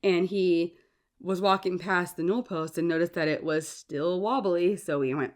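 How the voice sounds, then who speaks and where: A woman's voice: lowish voice, normal speed. A woman hosting a podcast, a parent, chatting casually and acting out movie quotes. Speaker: podcast host. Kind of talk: casual chat.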